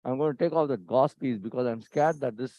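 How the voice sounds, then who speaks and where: This is live surgical teaching commentary from an operating theatre, captured in a dry, dull lo-fi recording without room sound. The man has a medium-pitched, dark voice, and he instructs by repeating "see here" and his pointers and by quizzing listeners, though he's curt and impatient with the staff.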